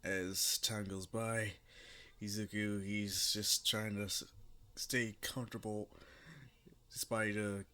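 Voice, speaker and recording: A man's voice: fairly low pitch, level tone, takes it slowly, sharp tone. A young man casually narrating a homemade fan story, rambling and unscripted with lots of fillers.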